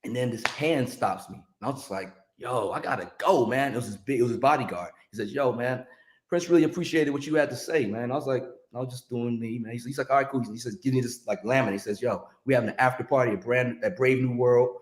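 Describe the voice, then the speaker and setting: A middle-aged man tells an anecdote in a relaxed interview chat. He switches into voices to act out the people in the story. His voice carries a clear echo from the room. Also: medium pitch, quick pace. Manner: animated storyteller acting out quotes. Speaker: music industry guest telling stories.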